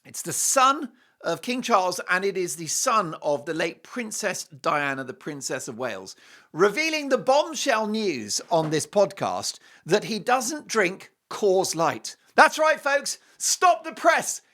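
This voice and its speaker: A man's voice: sits high, big pitch swings, unhurried, sharp tone. A man hosting a talk show, delivering a sarcastic, mocking opinion monologue with theatrical outbursts.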